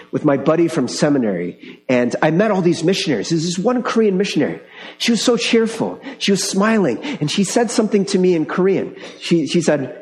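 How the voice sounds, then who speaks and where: A man's voice: sits high, darkish tone. A man preaching a sermon as pastor in a conversational way, often asking the congregation questions. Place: church sanctuary. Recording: echoey hall with long reverb.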